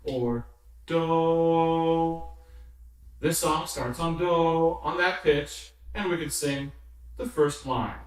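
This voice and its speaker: A man's voice: on the high side, takes it slowly. A man teaching a music lesson, patiently explaining notes, rhythms and solfege, sometimes chanting or singing them. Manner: patient, counts rhythms and sings solfege aloud. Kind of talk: slow instructional explanation. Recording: very echoey room, somewhat distant mic.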